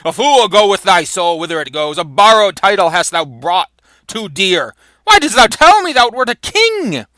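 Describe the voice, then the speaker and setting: A man's voice: fairly high pitch, animated, a little slow, gravelly, hardly any pauses, sharp tone, no room sound, full character voice. A man reading the lines of a fierce Scottish warrior lord in a Shakespeare play, raising his voice. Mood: scornful.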